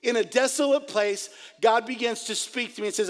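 A middle-aged man, a pastor, preaching a sermon and telling stories in an animated, jokey way, laughing at his own tales. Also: very high-pitched, brisk. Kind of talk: sermon with storytelling.

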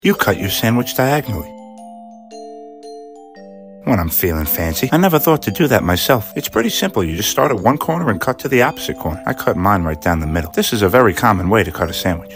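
A man's voice: on the low side, big pitch swings, quick pace, faint music behind. A man voicing a friendly character making chatty small talk in a comedic cartoon.

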